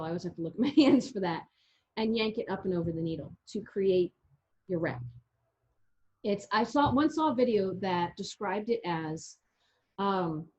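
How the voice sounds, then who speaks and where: Here a yarn shop owner co-hosts an easygoing knitting chat in a medium-pitched, slightly rough voice with a darkish color. Her talk is chatty and step-by-step, punctuated by restarts. The recording sounds muffled and low-fidelity.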